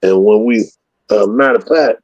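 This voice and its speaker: Gravelly man, profane storyteller. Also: on the low side, normal speed, lo-fi sound. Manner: profane, rambling storyteller who acts out scenes loudly. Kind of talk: casual storytelling.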